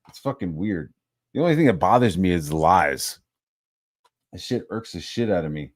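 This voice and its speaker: A man's voice: deep voice, normal speed, dry recording, studio quality. A man ranting casually about online drama, swearing a lot and mocking others in put-on voices. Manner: profane, animated, mocks others in put-on voices. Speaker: channel host.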